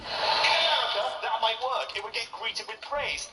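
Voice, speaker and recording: A posh British comedian tells stories on a big theatre stage, his voice high for a man. He pokes fun at himself. The sound is distant, with music under it. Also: moderate pace, sharp tone. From Britain. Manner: posh, self-mocking storytelling. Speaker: stand-up comedian. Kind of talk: stand-up routine.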